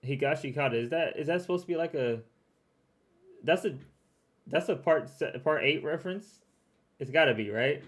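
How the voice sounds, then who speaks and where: A man's voice: on the high side, lively intonation, moderate pace, long pauses. A young man streaming a casual reaction to a recap video, chatty, laughing often and repeating himself as he talks.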